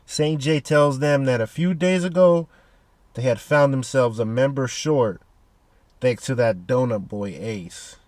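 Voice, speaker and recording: A man recaps a manga chapter in a loose, animated way, peppering every line with slang and swearing. His voice sits in a middle pitch. The sound is dry and close, with no room. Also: no room sound. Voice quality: heavy profanity and slang. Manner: animated, excitable.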